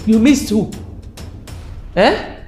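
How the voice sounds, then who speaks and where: A woman's voice: on the high side, expressive, extremely slow, a little mellow, soft background music. An outraged Nigerian mother-in-law. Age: middle-aged. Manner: scolding, mixes in Igbo words. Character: indignant middle-aged mother scolding son-in-law. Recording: echoey indoor room.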